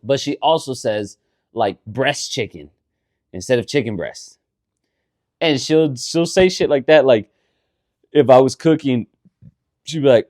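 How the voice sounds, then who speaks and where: A man's voice: mid-range voice, a little slow, long pauses, dry recording. Man, podcast co-host, casual rambling chat, frequent swearing, dry close sound. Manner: rambling, animated, swears often.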